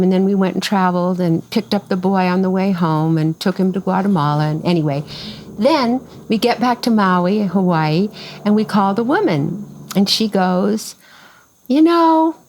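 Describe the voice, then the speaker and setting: At a normal speed and medium pitch, an older farm cofounder recounts a story in a relaxed interview, performing the quoted voices of its characters with animation. The audio is poor, carrying a little hiss or hum.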